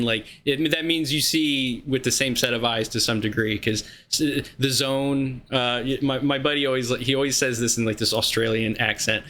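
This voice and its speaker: Excitable male podcast host. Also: a little hiss or hum. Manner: excitable, breaks into high-pitched shouts when thrilled. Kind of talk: casual podcast chat.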